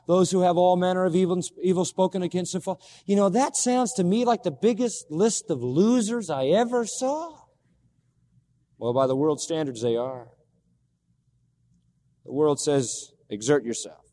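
A man's voice: on the high side, mellow, big-room sound. A man preaching a sermon, emphatic, repeating key words and asking his listeners questions. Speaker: pastor.

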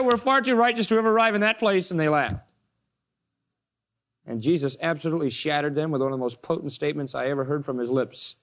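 A man preaching a sermon and retelling a Bible story dramatically, raising his voice for the opponents and dropping it low and quiet for the weighty lines. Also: fast. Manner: dramatic retelling, acts out the Pharisees in a raised voice.

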